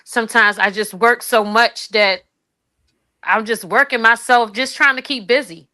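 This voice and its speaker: A woman with a brightly ringing, smooth voice pitched a little high talks through tears. Her speech is halting and raw, full of pauses and restarts. She sounds like someone telling her own story on a call. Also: steady tone. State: tearful. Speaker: guest sharing her grief. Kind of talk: personal testimony on a call.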